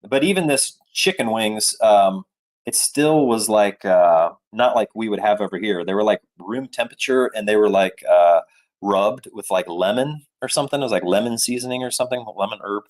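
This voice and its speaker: A middle-aged man telling a chatty, animated travel story to a live chat, with many fillers and asides. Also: lowish voice, normal speed. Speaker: travel vlogger.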